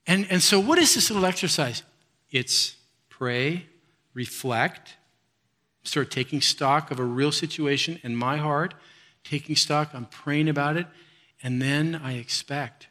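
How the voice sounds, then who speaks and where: A man preaching a sermon in a lively, laughing way, jumping between loud bursts and quiet asides. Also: a little high, a little slow. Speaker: pastor.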